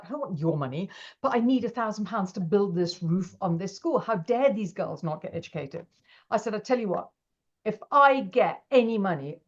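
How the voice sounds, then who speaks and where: Woman, interview guest, animated storyteller, slightly low voice, muffled recording. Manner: animated, acts out quoted dialogue. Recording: dull lo-fi audio.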